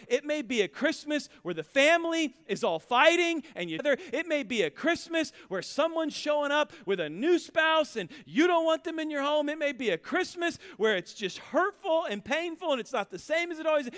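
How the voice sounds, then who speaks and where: Male pastor, thirties, storytelling sermon with emphatic repeated lines, high ringing voice, long reverb. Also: sing-song, moderate pace, hardly any pauses, a bit bright. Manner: conversational storytelling preaching, builds to emphatic repetition.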